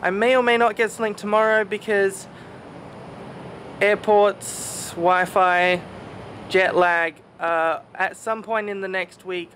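A man's voice: sits high, steady tone, slow pace, fairly bright tone, slight background noise. A young man with a mild Australian accent, chatting casually and self-deprecatingly in a vlog, with plenty of fillers and trailing asides. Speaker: vlogger.

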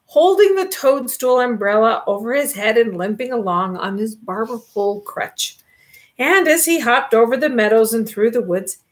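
An older woman reading a children's storybook aloud, animated and expressive. Her voice sits fairly high and swoops up and down as she reads.

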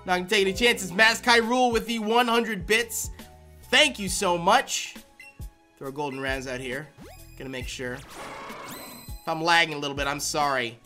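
A man streaming a video game live, chatting loosely with viewers and breaking into high, excited squeals and laughter. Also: moderate pace, pauses often, faint music behind. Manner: rambling chat to viewers with fillers. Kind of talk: live-stream shiny-hunt reaction.

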